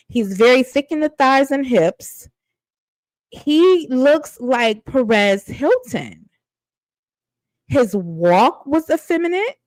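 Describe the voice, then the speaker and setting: A woman's voice: a little high, a little mellow, no echo, low-quality recording. A woman giving blunt, sassy commentary on a reality dating show, casual and mocking.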